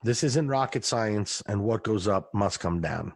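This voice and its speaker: A man with a slightly husky voice talks casually on a podcast and spins wry, rambling rants. The recording is dry and close. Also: fairly low pitch, lively intonation, no room sound. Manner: wry, conversational, drawn-out rants. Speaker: podcast co-host. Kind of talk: casual chat.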